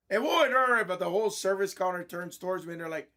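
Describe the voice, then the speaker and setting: A man, a host of a card-breaking stream, telling a blunt, irritated story in casual chat, clearing his throat often. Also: high voice, a little fast, pushed and bright.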